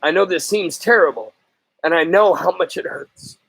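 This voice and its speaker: A man voicing a gentle, comforting mother in a story reading, speaking softly and soothingly. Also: a little high, moderate pace, vocal fry, slightly rough, dry recording, voice pushed up, heavily acted, poor audio.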